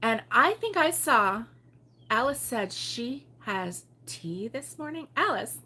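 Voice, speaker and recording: A woman from Baltimore hosting a relaxed morning livestream, chatting and giggling as she reads viewer comments aloud. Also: fairly high pitch, slow, breathy edge. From Baltimore, USA. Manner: chatty and giggly, with frequent fillers and laughs. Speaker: host of a crochet livestream. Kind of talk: casual morning chat reading viewer comments.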